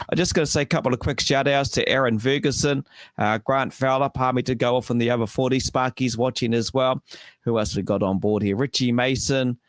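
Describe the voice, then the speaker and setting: A New man co-hosts a casual live stream and works through a list of shout-outs to viewers. His voice sits at a middle pitch, recorded dry and close to the mic. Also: no echo. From New Zealand. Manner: reads out viewer shout-outs in a steady, friendly run. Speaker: co-host.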